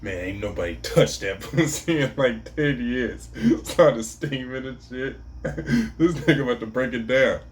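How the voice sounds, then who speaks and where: A man's voice: medium pitch, measured pace. A man casually commenting on a clip for a reaction video, laid-back and slangy.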